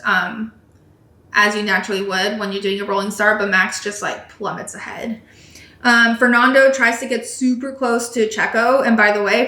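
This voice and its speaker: A woman's voice: on the high side, a bit bright. Chatty young woman in a roomy echo. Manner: chatty, lots of ums and likes, quotes radio calls. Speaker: podcast host. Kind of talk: casual race recap. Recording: echoey room.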